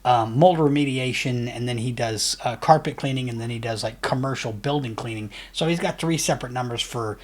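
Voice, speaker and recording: A man who runs an agency, talking casually through a software tutorial with upbeat, rambling speech and frequent fillers. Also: medium pitch, brisk, hardly any pauses. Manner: loose, rambling, many fillers and restarts; enthusiastic, says "really cool" often. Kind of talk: casual screen-share tutorial.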